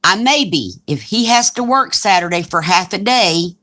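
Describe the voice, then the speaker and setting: A woman's voice: on the low side, lively intonation, normal speed, pushed and bright. A woman in her forties with a Southern US accent, chatting casually on a crafting live stream and reading comments aloud. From Alabama, US. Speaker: crafting channel host.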